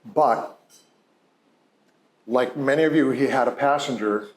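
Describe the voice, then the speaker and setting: A man's voice: mid-range voice, a little slow. A male psychologist telling a patient's story in a conversational, heartfelt lecture, full of "you know" and "like". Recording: roomy echo.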